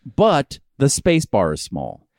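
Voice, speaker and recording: A man's voice: mid-range voice, huge pitch swings, slow, darkish tone, no room sound, studio quality. A man co-hosting a podcast, teasing and sarcastic in casual comedic banter. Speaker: podcast co-host.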